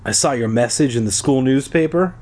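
A man's voice: medium pitch, brisk, a little mellow, lightly acted. A man voicing an eerie boy caller who whispers into the phone.

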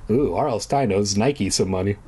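A man's voice: lowish voice, normal speed, dark tone, husky. A man giving a comedic reading of a children's book, breaking off for irreverent, swearing asides and drinking as he reads. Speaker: comedic reader.

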